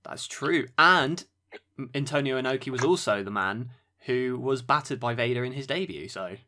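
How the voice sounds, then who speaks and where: A man's voice: mid-range voice, lively intonation, moderate pace, sharp tone. A man hosting a wrestling podcast, giving dry play-by-play with sarcastic asides. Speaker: podcast host. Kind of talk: wrestling match review commentary.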